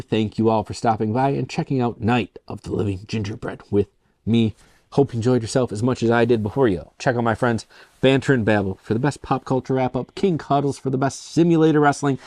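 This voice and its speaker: A man's voice: medium pitch, darkish tone, no echo, clean studio sound. A young man from Michigan hosting a casual solo beer review, rambling and self-deprecating, full of "like" and "kind of". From Michigan, USA. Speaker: beer reviewer, show host.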